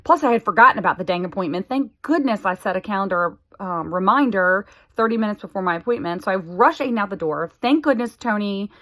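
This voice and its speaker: A woman's voice: mid-range voice, lively intonation, quick pace, hardly any pauses, a bit bright. A woman in her forties talking candidly to the camera, chatty and exasperated. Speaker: vlogger sharing a health update. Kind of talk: casual chat to camera.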